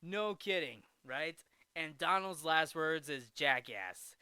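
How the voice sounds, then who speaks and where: A man hosts a casual movie-recap vlog, rambling along and often restarting his sentences. His voice is bright and clear, pitched a little high. The recording is close and dry. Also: slow pace, dry recording. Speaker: movie review host.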